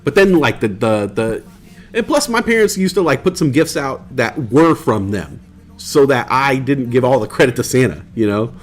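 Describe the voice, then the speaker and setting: A man's voice: medium pitch, animated, normal speed. A man hosting a live stream, chatting casually in a rambling way and swearing freely.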